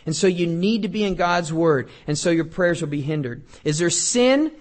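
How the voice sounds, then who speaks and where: A middle-aged male pastor preaching a sermon in a conversational, joking way, reading scripture aloud and swinging between loud and quiet. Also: on the high side, expressive, normal speed.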